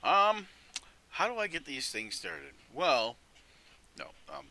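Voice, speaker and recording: A man's voice: a little high, big pitch swings, slow, creaky, bright, forceful tone. A middle-aged man running a tabletop game, chatting casually, often laughing and restarting his sentences. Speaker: game master.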